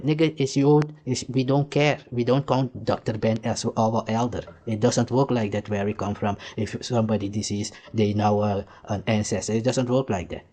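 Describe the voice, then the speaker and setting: A man's voice: on the low side, dark tone. A man from Suriname with a Surinamese accent, lecturing the viewer in heated, repetitive reaction commentary. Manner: heated, lecturing, repeats "you see" and "nigga". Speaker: commentator reacting to archive clips.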